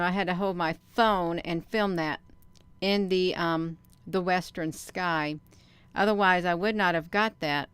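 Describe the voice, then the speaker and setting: A woman vlogger giving casual commentary on her own video, rambling and halting with many fillers and restarts, and talking straight to her viewers. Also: fairly low pitch, fairly bright tone, clear, resonant tone, no room sound. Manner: talks straight to viewers as "you all". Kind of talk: casual commentary while showing her own sky footage.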